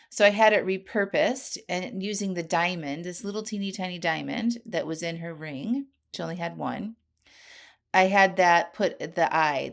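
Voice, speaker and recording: A woman in her forties hosting a podcast, telling a personal story in an earnest, animated way with frequent asides to the listener. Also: on the low side, gravelly. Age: 40s. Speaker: podcast host.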